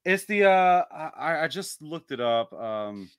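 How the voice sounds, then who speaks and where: A man co-hosts a podcast, chatting casually and rambling with plenty of filler words and good-natured swearing. His voice sits slightly high, with wide pitch swings, a measured pace, and a clear, resonant, fairly bright tone, recorded clean in a studio with no echo.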